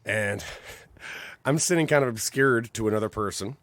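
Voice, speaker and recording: A man with a fairly low voice and a normal speaking speed co-hosts a podcast, chatting casually in a dry recording. He tells stories with energy, playing out others' lines himself.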